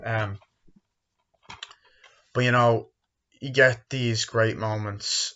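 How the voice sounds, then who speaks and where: A man's voice: medium pitch, fairly even intonation, very slow, sharp tone, smooth. Rambling, profane young man reviewing films. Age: 20s. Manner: rambling, profane, acts out film scenes in raised voice. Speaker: movie reviewer. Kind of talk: casual spoken film review. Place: bedroom, indoors. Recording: dull lo-fi home recording.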